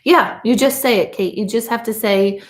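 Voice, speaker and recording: A woman's voice: fairly high pitch, normal speed, reverberant. A woman working as a medium, chatting casually and rambling through stories while reading viewer comments. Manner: chatty, rambling storyteller with lively asides. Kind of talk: casual livestream chat.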